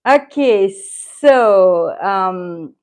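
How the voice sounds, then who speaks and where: A woman's voice: medium pitch, lively intonation, drawn-out words, darkish tone. A middle-aged woman with a Russian accent, a native Russian speaker, chatting casually on a live stream, rambling, reading viewer comments and laughing often. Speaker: channel host, Russian teacher.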